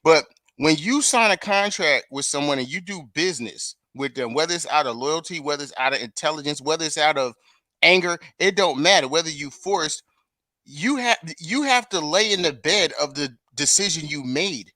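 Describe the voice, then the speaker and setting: A man's voice: a little high, animated, normal speed, bright, forceful tone, no room sound, studio quality. A man co-hosting a casual boxing debate, emphatic, pushing back and demanding proof. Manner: emphatic, pushes back, curses. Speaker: boxing show co-host.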